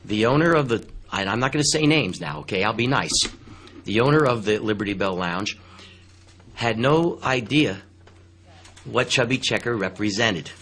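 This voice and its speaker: An older man, a musician appearing as a radio guest, telling stories in an animated, emphatic way. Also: on the low side, normal speed, a little hiss or hum. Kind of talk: casual radio interview storytelling.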